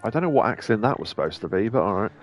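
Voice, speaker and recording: A man's voice: lowish voice, sing-song, rapid-fire, faint music behind. A man hosting a game stream, commenting in a chatty, rambling way, laughing often and occasionally swearing. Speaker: streamer host. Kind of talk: let's play commentary.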